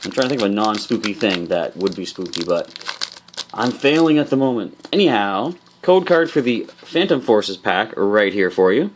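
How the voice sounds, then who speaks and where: A man's voice: lowish voice, big pitch swings, normal speed, slight background noise. Man, host, casual unboxing commentary, upbeat, chatty, talks to viewers. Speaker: host of a card game channel. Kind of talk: casual booster pack opening commentary.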